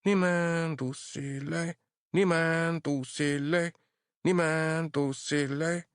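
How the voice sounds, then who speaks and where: A male audiobook narrator voicing a crazed old man who chants slowly in a high, off-key sing-song. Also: fairly even intonation, clean tone, no echo, studio quality. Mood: eerie chant.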